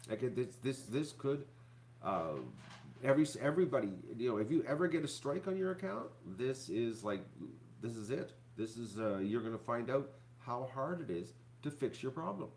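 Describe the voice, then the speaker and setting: Halting, downcast man, lively pitch. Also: slight background noise. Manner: halting, repeats words, many fillers. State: depressed and upset. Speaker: YouTuber host. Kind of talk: rambling live-stream talk to viewers.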